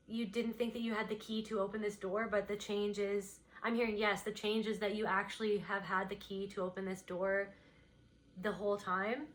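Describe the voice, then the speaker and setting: A woman's voice: mid-range voice, a bit bright. A woman giving an unscripted pick-a-card reading, speaking in a meandering, intuitive way and voicing her impressions as they come. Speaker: tarot card reader.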